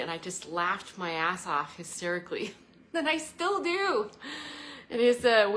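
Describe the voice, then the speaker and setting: A woman's voice: mid-range voice, fairly bright tone, slight background noise. A woman vlogger talking in a casual, reflective monologue, earnest and meandering, from an indoor living room by the fire. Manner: meandering, earnest, breaks into laughter. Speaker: travel and spirituality vlogger.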